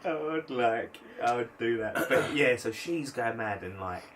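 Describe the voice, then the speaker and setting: A man's voice: unhurried, slight background noise. A man, a podcast co-host telling a story in casual chat and acting out other people's lines. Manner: animated storyteller, mimics others in high voice.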